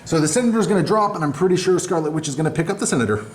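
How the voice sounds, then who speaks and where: Rapid-fire and animated, a man with a fairly high voice narrates his own tabletop battle report, poking fun at himself as he explains his plays. The echoey recording carries faint noise.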